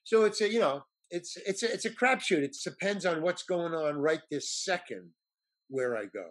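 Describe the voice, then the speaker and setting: Male actor guest, lively pitch, husky, rambling casual storytelling. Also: normal speed. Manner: rambling with many restarts and stammers. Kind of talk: casual anecdote telling.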